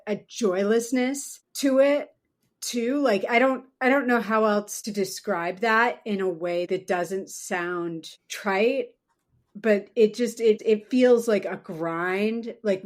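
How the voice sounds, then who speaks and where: A woman co-hosting a film podcast, chatting casually with wry, gossipy asides. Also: medium pitch. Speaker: podcast co-host. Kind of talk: casual film-talk chat.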